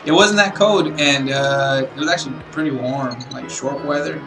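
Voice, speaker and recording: A man's voice: a little high, moderate pace, distant mic, music in the background, poor audio. A man giving casual let's-play commentary as a gaming YouTuber, rambling, apologetic and tired. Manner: rambling, chatty, apologetic, chuckles to himself. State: tired, yawning. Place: room at home with a window open.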